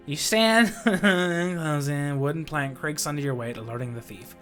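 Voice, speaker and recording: A gamer reading a text adventure aloud and reacting with frustrated, profane outbursts and bursts of shouting. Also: medium pitch, moderate pace, soft background music. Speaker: let's play gamer.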